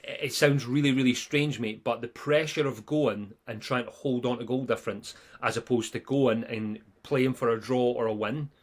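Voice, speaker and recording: A man's voice: medium pitch, steady tone, normal speed, few pauses. A young Scottish man co-hosting a live football podcast, chatting casually and animatedly, laughing often and mimicking players and pundits. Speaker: podcast co-host.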